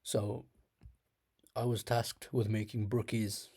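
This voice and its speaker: Young guy w a slight lisp, mellow easygoing voice, rambling thru a funny story. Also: fairly low pitch, level tone, slow, breathy edge. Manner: rambling, laughs at his own stories. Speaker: storyteller host. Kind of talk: casual comedic storytelling.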